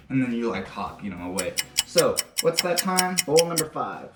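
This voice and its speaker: A man's voice: mid-range voice, expressive, moderate pace, noisy background. A man hosting a casual home cooking demonstration, talking crudely with joking, rambling asides. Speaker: cooking show host. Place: home kitchen. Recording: echoey kitchen with faint music.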